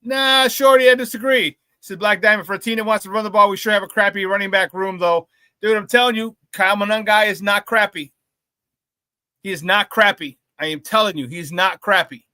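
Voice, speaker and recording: Hyped-up, bright-voiced sports talk host. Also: male voice, fairly quick, no echo. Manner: high-energy hype, banters with the chat; shouts catchphrases, loud and excitable. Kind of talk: live-streamed sports talk.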